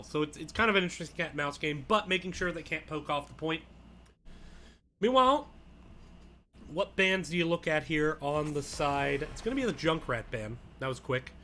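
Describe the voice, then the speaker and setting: A man's voice: fairly high pitch, pushed and bright. A man casting an esports draft solo on a live stream, casual and crude, with joking asides. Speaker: esports caster.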